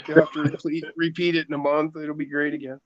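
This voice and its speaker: A man's voice: fairly high pitch, level tone, fast talker, dry recording. A man co-hosting a casual livestream chat, joking and reading viewer comments aloud, over a dull lo-fi recording. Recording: dull lo-fi sound.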